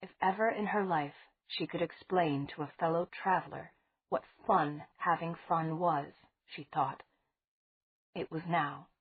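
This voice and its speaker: Slow, husky woman audiobook narrator. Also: deep voice, fairly even intonation. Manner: measured, unhurried reading. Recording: tinny phone-like sound.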